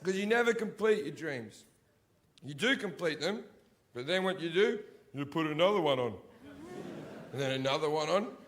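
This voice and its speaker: A male stand-up comedian performing in a large theatre, swinging between shouted rants and low mutters, with heavy swearing. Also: lively intonation, normal speed, pauses often, slight background noise. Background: audience laughter.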